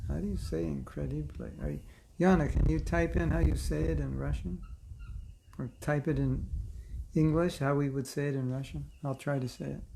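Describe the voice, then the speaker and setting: A man's voice: a little high, creaky, mellow, a little hiss or hum. A man teaching a casual online scripture class, reading passages aloud and breaking off into joking, chatty asides. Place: online class, seated in a chair.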